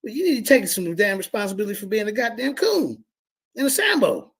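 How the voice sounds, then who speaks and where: A man hosts a show, tearing into a guest with loud, mocking commentary. His voice is gravelly and husky, and it leaps all over the place as he shouts in disbelief. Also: high-pitched, sing-song, fairly quick. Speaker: show host.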